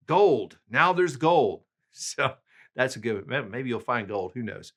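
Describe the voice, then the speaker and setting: A man teaching a language lesson, reading out examples slowly and carefully and then translating them. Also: mid-range voice, lively intonation, a bit bright. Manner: slow, careful enunciation of examples. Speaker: language tutor.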